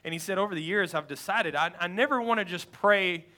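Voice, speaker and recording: A male pastor delivers a sermon story, full of animated energy that swells into loud, rapid stretches. His voice sits high and sounds bright and forceful. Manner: animated preaching that builds to loud, fast passages.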